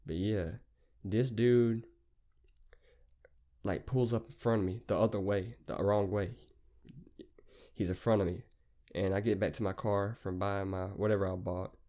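A man's voice: on the low side, unhurried, long pauses. A man hosting a podcast, telling a long story in a rambling, profane, casual way. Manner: rambling, profane, animated retelling. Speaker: podcast host.

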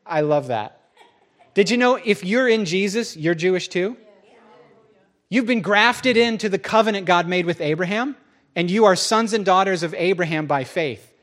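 Animated, high-voiced male preacher. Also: moderate pace. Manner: lively storytelling, jumps into high voices for quotes. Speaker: pastor. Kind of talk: sermon.

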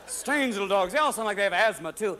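A man's voice: high-pitched, expressive, fast talker, a crowd in the background, background noise. A man doing stand-up comedy on stage, jumping manically between stories and voices, on a live show recording. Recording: live show with loud audience laughter. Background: audience laughter.

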